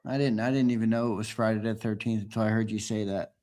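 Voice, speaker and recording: A man joining a sports talk show as a guest, relaxed and friendly, swearing casually. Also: on the low side, fast. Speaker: guest analyst.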